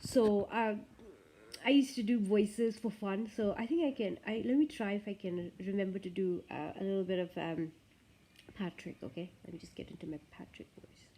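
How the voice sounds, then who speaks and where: A woman's voice: mid-range voice, fairly even intonation, moderate pace, mellow, a little hiss or hum. A woman vlogger talking casually to the camera in a chatty, rambling way.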